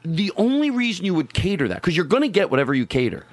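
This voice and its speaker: A middle-aged comedian chatting casually and acting out quotes in an animated way, as host. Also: male voice, quick pace, dry recording. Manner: animated storyteller, acts out quotes with big pitch jumps. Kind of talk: casual conversation about comedy clubs.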